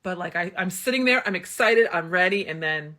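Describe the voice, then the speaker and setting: A woman's voice: fairly low pitch, animated, fairly quick, fairly bright tone. A woman in her thirties tells a candid personal story in a chatty way, full of fillers. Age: 30s. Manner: chatty and frank, many fillers like "like" and "um". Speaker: storyteller vlogger.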